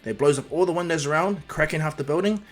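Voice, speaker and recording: A man's voice: a little high, fast. A man casually narrating a fan-made superhero story, rambling with fillers and restarts.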